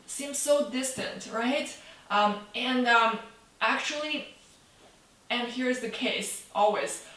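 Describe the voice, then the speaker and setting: A woman's voice: a little high, fairly bright tone, distant mic. A woman teaching a casual online language lesson, friendly and chatty, often checking in with "okay?" and "right?". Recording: roomy, voice set back from the mic.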